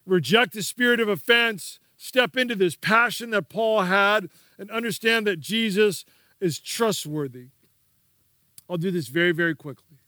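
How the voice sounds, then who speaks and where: A man's voice: sits high, pushed and bright, no echo, clean studio sound. A man preaching a sermon as pastor, emphatic and repetitive, prompting the congregation to repeat key words.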